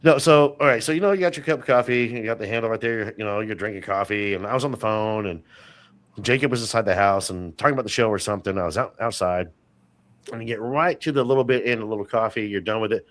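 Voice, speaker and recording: A man with a lowish voice chats as a podcast guest, drifting from one story to the next with plenty of fillers and restarts. The sound is dry and close. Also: fast talker, fairly bright tone, no echo. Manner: rambling storyteller, many fillers. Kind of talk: casual interview chat.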